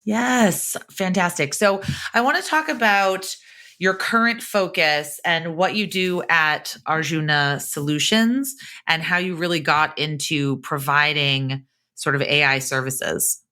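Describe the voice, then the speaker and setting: A woman's voice: low-pitched, unhurried, sharp tone. A woman hosting a nonprofit podcast, upbeat and enthusiastic as she introduces her guest. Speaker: podcast host. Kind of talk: podcast interview.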